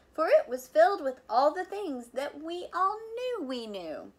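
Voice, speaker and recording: A woman volunteer reads a silly picture book aloud for children. Her delivery is animated and playful, with chatty asides about the pictures. Her voice sits a little high and swoops widely in pitch. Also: normal speed, hardly any pauses. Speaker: volunteer reader.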